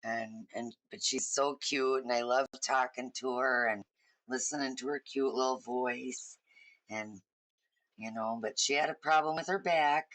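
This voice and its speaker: A woman's voice: rumbling low, fairly even intonation, unhurried, a bit bright. A woman hosting a casual livestream from home, chatting in a rambling, friendly way to viewers while she colors. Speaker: livestream host.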